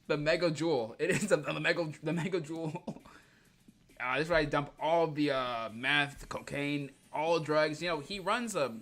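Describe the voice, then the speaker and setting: A man's voice: a little high, moderate pace, a bit bright. A man livestreaming a comic reading, joking in heavy slang and laughing often. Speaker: streamer.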